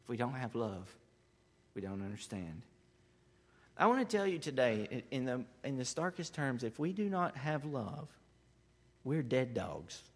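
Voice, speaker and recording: A man preaching a sermon with passion, building to loud emphatic peaks and then dropping low and quiet. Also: sing-song, unhurried, pauses often. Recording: long hall reverb.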